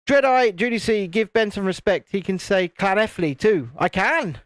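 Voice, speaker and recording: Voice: mid-range voice, normal speed, no echo, clean studio sound. A British host chatting wryly with a live chat while building a model, teasing and joking. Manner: wry, teasing banter with the chat.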